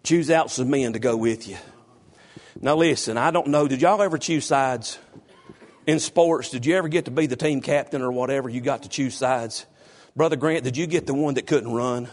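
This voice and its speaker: A middle-aged man preaching a sermon, calling on his congregation by name and rising to loud exhortation. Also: mid-range voice, normal speed. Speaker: pastor.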